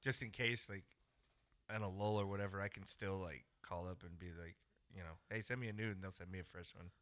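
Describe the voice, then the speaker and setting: A man co-hosting a podcast, chiming in with dry teasing one-liners in a quiet, laid-back casual chat. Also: low voice, steady tone, brisk.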